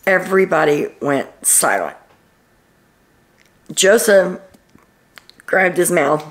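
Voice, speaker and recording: A woman's voice: fairly low pitch, gravelly. A woman hosting a casual reality TV recap, telling what happened in a chatty storytelling way and quoting people with "he's like.".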